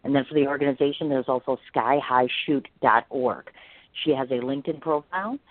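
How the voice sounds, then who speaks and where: Woman podcast host, gushing, rapid delivery, tinny phone-quality audio. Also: extremely low pitch, no room sound. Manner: effusive, gushing. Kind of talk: interview podcast. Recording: phone-like line, dry.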